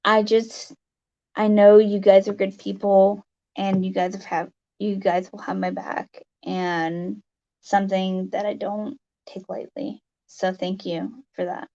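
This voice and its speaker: A woman livestream host chatting casually to her viewers, emotional and teary, halting with many fillers. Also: medium pitch, level tone, warm tone, muffled recording. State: teary, sniffling. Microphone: webcam mic.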